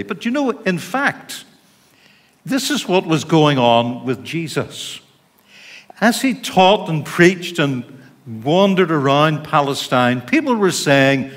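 Northern Irish pastor preaching in a church hall. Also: male voice, medium pitch, big pitch swings, measured pace. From Northern Ireland. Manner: informal, chatty preaching with asides to the congregation. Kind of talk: sermon.

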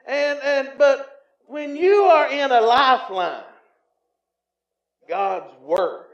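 Southern man, pastor, sermon, high-pitched, booming echo, loud-then-hushed delivery. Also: lively intonation, unhurried. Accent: Southern American. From Tennessee. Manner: swings between loud emphatic preaching and low, quiet asides. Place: church sanctuary. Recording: echoey, slightly muffled church recording.

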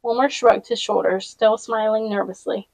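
A woman's voice: a little high, fairly even intonation, moderate pace, darkish tone, no room sound, low-quality recording. A woman reading a novel aloud chapter by chapter, with casual personal asides along the way. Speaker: audiobook reader.

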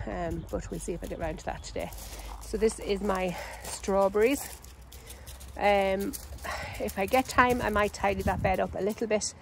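An Irish woman giving a casual, unhurried walkthrough of her vegetable garden outdoors, chatty and full of ums and self-corrections. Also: mid-range voice, fairly even intonation, gravelly, darkish tone, a little hiss or hum, poor audio. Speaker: home gardener and channel host.

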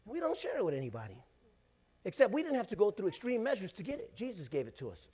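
A middle-aged man, the pastor, preaching a sermon in a conversational way, swinging between loud bursts and hushed asides. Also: high-pitched, wildly swooping pitch, fast talker, breathy edge.

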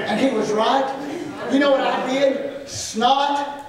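A man preaching a sermon, building to emphatic shouts and dropping to quiet asides, with cries of "well, glory". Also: fairly even intonation, slow pace, pauses often, noisy background. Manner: emphatic preaching that swells into shouts, then drops low. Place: church sanctuary. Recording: echoey sanctuary, far from the mic, congregation audible. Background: congregation calling out amens.

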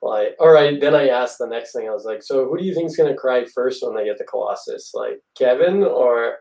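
Guest storyteller, male, mellow tone, recorded far off the mic in a roomy space. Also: mid-range voice, lively intonation, a little fast, gravelly. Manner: rambling, laughs often, acts out quotes. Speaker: guest magician. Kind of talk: casual storytelling. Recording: echoey room, far from the mic.

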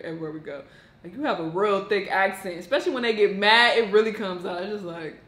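A woman's voice: fairly low pitch, a little fast, a bit bright. A woman hosting a reaction video, chatty and slangy, laughing often as she comments. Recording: echoey room with faint noise.

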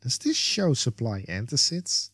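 A man's voice: mid-range voice, big pitch swings, unhurried, pushed and bright, no echo, clean studio sound. A man hosting a casual let's play, chatting and reading along with lots of fillers and laughs. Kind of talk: casual game commentary and reading.

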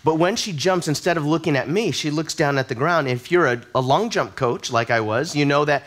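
A man's voice: a little high, a little fast, fairly bright tone. A man preaching a sermon as a pastor, telling personal stories in a conversational, self-deprecating way and often repeating words as he starts a sentence. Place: church service.

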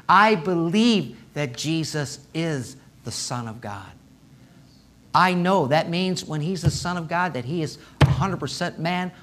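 Man, pastor, lively sermon, talks straight to the congregation, rises loud when excited, church sanctuary. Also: on the high side. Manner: animated, rising loud when excited, conversational asides to congregation.

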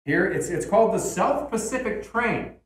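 A man streaming casually, building a toy train set, swearing and breaking into sudden loud outbursts. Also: high voice, lively intonation, normal speed, distant mic. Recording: echoey room.

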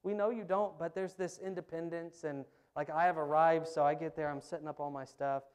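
A man preaching a sermon in church, telling stories in an animated, emphatic way. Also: fairly high pitch, brisk, clean tone. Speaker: pastor. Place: church sanctuary.

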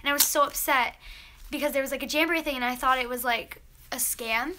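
Chatty high-voiced teenage girl. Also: fast talker, bright, forceful tone. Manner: chatty, gushing, reads letters aloud. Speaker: vlogger. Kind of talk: casual mail-opening vlog.

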